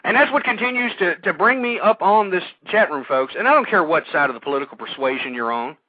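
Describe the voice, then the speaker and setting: A man hosting an internet talk radio show, speaking in a rambling monologue that stumbles over repeated words and turns loud and heated. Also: high-pitched, animated, fast talker, dry recording. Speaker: radio host. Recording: tinny phone-line sound, dry.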